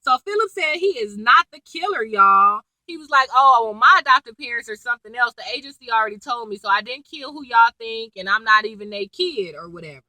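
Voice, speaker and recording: Bright, high-voiced woman recapping a show. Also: fairly quick, hardly any pauses, dry recording, low-quality recording. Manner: chatty, animated retelling with quoted lines and laughs. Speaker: TV recap vlogger. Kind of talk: casual episode recap.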